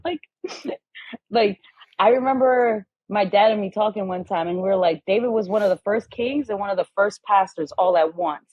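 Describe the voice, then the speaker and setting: A woman's voice: mid-range voice, moderate pace, breathy edge, no echo, lo-fi sound. A woman guest on a podcast in casual conversation, telling stories animatedly and acting out the voices of the people in them.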